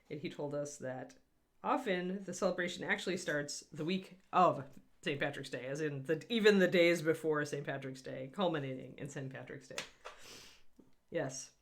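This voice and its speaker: A woman's voice: low voice, fairly bright tone. A woman hosting a casual livestream painting tutorial from home, chatty and rambling, laughing often. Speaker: host and miniature painting instructor.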